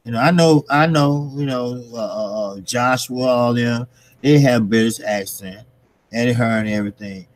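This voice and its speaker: A man's voice: medium pitch, moderate pace, dry recording, low-quality recording. A middle-aged man hosting his own channel, chatting loosely to his viewers with lots of fillers and laughs. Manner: loose and rambling, many fillers, laughs often. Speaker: channel host. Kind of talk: casual chat to camera and viewers.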